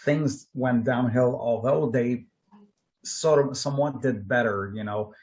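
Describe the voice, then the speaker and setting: A man's voice: mid-range voice, measured pace, darkish tone. Candid man in his fifties, podcast guest. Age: 50s. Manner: candid, tells personal stories. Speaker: panel guest. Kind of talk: casual podcast discussion.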